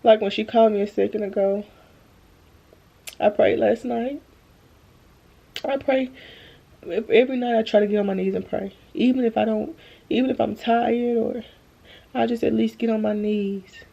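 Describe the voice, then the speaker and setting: Drained young woman, gravelly voice. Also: on the high side, fairly even intonation, mellow, highs cut off. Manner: earnest, slow and halting, addresses viewers as y'all. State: drained, holding back tears. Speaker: vlogger. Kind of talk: emotional faith-filled vlog talk. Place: at home, bedroom. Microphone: phone camera.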